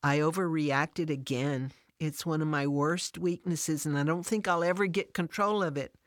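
A woman voicing an upset, defensive working mother who talks in an emotional, high-strung, pleading way. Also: fairly even intonation, normal speed, no echo, studio quality, lightly acted. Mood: contrite.

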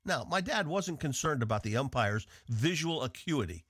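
A man from the northeastern United States teaching a devotional on the radio in an earnest, measured way. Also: mid-range voice, animated, fairly bright tone, breathy edge, no echo, studio quality. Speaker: radio Bible teacher and host.

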